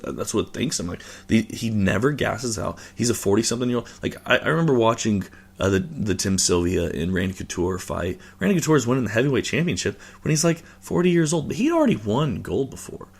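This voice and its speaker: A man's voice: lowish voice, lively intonation, quick pace, vocal fry, few pauses, husky. A male host giving a casual reaction rant about a fight, rambling and swearing with lots of fillers and restarts.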